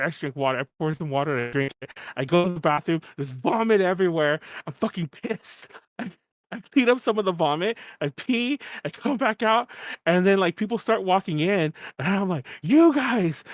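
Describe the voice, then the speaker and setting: A young male podcast co-host with a high, bright voice, recorded close, dry, and echo-free, tells a party story in casual chat. He's animated, laughing between lines and acting out his own drunken yelling.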